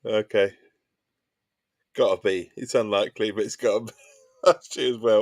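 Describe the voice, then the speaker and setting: Essex bloke chatting to his chat while gaming, lowish voice, keeps laughing at himself. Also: moderate pace, long pauses. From England. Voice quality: chatty and self-mocking, laughs often, reads chat aloud. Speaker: streamer. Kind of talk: casual gaming stream chat.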